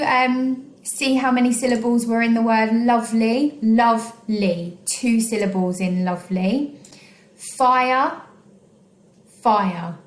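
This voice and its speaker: A woman teaching a recorded online phonics lesson, slowly sounding out each syllable of words for young pupils. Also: on the high side, darkish tone, roomy sound. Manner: slow, clearly sounding out syllables. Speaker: primary school teacher.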